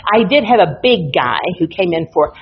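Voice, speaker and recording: A woman instructor teaching a hypnotherapy class, telling client stories in an animated, playful way. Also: lowish voice, normal speed, slight background noise. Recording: dull lo-fi recording.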